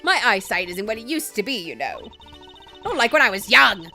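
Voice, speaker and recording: A woman voicing a loud, boastful old woman witness in a game, with a high shrieking manner. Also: sing-song, normal speed, faint music behind, exaggerated voice. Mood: rambling.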